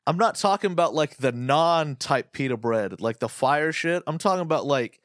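A brash, foul-mouthed American man ranting in casual podcast banter. His voice sits slightly high and he swears his way through animated bits. The sound is close and dry, with no room around it. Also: normal speed, dry recording. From United States. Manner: brash, profane, animated storytelling. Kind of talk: casual chat.

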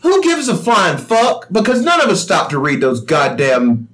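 A man's voice: sits high, huge pitch swings, moderate pace, fairly bright tone. A man co-hosting a podcast in casual chat, sardonic and freely profane. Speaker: podcast co-host.

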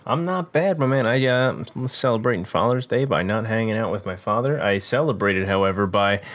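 Laid-back man, halting podcast chat. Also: on the low side, lively intonation, a bit bright. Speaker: podcast co-host. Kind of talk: casual chat.

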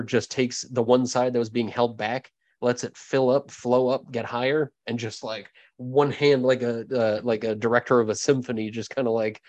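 A man's voice: mid-range voice, a little mellow, dry recording. A man narrating as game master of a tabletop game, casual and rambling with fillers. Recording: dull dry lo-fi mic.

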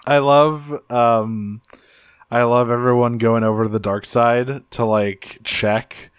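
A man's voice: mid-range voice, steady tone, slow, smooth, no echo, studio quality. A man hosting a podcast, retelling a cartoon episode in casual chat with a rambling, self-restarting manner. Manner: rambling recap with frequent restarts. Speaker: podcast host.

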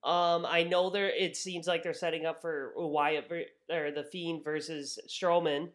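A man co-hosting a wrestling review podcast in casual, opinionated chat, ranting with animated energy. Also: on the high side, a little slow. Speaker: podcast co-host.

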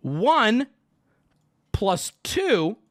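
Animated, profane male streamer. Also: high-pitched, extremely slow. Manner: profane, sarcastic, exasperated arguing with chat. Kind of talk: live-stream rant to chat.

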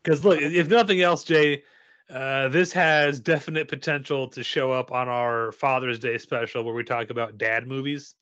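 A man co-hosting a casual chat about upcoming movies, joking and rambling with loud bursts of enthusiasm. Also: mid-range voice, steady tone, moderate pace, no room sound, lo-fi sound. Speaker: podcast co-host leading the movie preview.

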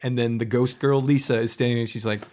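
A man in casual chat, retelling a video game's plot with animated, swearing storytelling and acted-out lines. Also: medium pitch, fast. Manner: animated storytelling, acting out characters, profane. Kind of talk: casual podcast chat recapping a video game.

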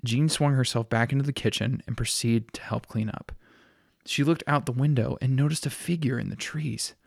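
A man reading a story aloud in a steady, plain narrating style. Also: mid-range voice, normal speed, vocal fry, no echo, studio quality.

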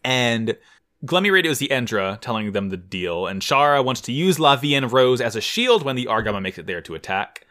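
A man co-hosting a podcast, recapping an anime episode in casual chat, animated and jokey, often jumping his voice up high for emphasis. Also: brisk. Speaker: podcast co-host.

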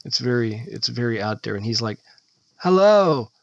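A man co-hosting a podcast in casual chat, rambling and halting with many restarts. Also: on the low side, flat delivery, gravelly, bright, forceful tone, dry recording. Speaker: podcast co-host. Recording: slightly dull lo-fi sound.

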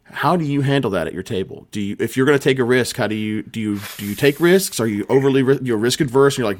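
Fast-talking and animated, this podcast co-host and game master has a mid-range voice and leaves few pauses. He runs tabletop games and rambles earnestly as he explains himself in a casual conversation.

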